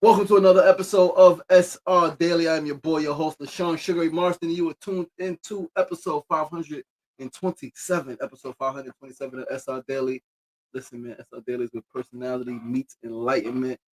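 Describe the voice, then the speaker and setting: A man hosting his own daily live show, opening with energetic greetings and moving into reflective talk about love and respect. He swears casually and repeats phrases. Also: fairly high pitch, a little fast, low-quality recording. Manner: energetic hype greetings, then reflective preaching. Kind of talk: casual morning livestream talk.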